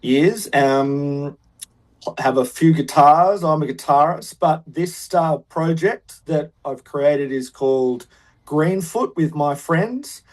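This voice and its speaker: An Australian man answers interview questions as a guest musician, rambling and hesitant with frequent restarts. His voice sits slightly high for a man. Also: slow pace, a little mellow, rough recording.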